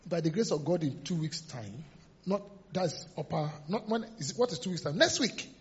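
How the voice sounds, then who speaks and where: A man's voice: high voice, lively intonation, brisk, darkish tone, slightly rough. A man preaching a sermon as pastor, emphatic and repetitive, sometimes laughing and acting out voices. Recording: dull lo-fi sermon recording.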